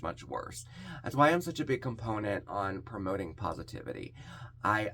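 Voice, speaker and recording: Hoarse, gravelly man with a lively voice. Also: lowish voice, slight background noise. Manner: candid and halting, with frequent restarts. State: hoarse, scratchy voice. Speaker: vlog host. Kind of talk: casual personal vlog talk.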